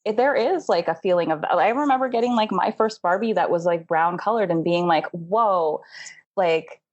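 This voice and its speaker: A young adult woman co-hosts a podcast in casual chat, rambling, saying "like" constantly and laughing often. Her voice is fairly low and darkish, fairly quick, and the recording is muffled.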